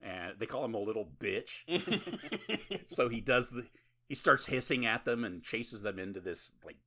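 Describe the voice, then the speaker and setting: Podcast guy rambling thru a movie recap, laughs a lot, swears, bright punchy voice. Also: mid-range voice, lively intonation, unhurried. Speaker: podcast host. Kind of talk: casual chat, recapping a film.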